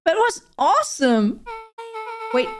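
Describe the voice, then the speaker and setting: A woman's voice: extremely high pitch, wildly swooping pitch, slow pace, pitched above the performer's own voice, heavily acted. A woman voicing jittery young kids, reading game dialogue aloud in a playthrough, with music underneath. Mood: excited.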